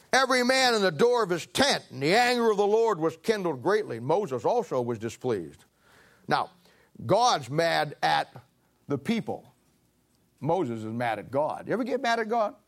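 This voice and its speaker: A man preaches with a notably high voice. He leans into the text, acting out a biblical figure's complaints in a raised, pleading tone before dropping back to plain teaching. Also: a bit bright. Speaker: pastor. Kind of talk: sermon.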